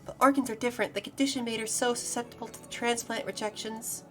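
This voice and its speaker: A woman streamer reading a visual novel aloud, voicing a weary, guarded grown woman bartender in a low, subdued delivery with sighs. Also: fairly even intonation, fast talker, faint music behind, lightly acted. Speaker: VTuber streamer.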